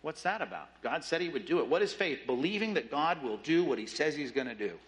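A man preaching a sermon in an animated way, acting out the voices of doubters as he reads and explains scripture. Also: on the high side, fairly quick, poor audio. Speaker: pastor.

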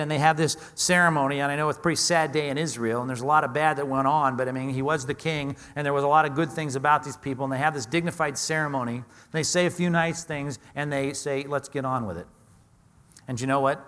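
A man preaching in a relaxed, talky way, slipping into quoted voices with dry humor. His voice sits at a middle pitch. The sound carries a long reverb from the hall he speaks in. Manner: conversational, acts out quoted voices with plain humor. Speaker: pastor. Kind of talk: sermon.

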